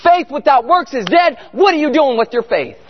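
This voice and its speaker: A middle-aged man preaching a sermon, telling family stories with animated bursts of shouting. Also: very high voice, normal speed. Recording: muffled sound in a reverberant hall.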